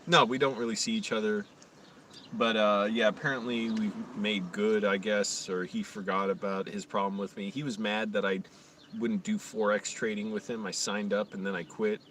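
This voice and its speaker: A man's voice: fairly low pitch, little pitch movement, moderate pace, fairly bright tone, recorded from a distance, slight background noise. A young man on a live stream at home, ranting profanely in a rambling, sarcastic way. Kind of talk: casual ranting monologue.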